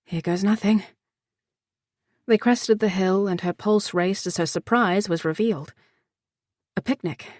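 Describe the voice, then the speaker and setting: A woman narrator reading a fantasy romance audiobook in a measured, even way. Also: medium pitch, dry recording, studio quality. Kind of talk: scripted narration.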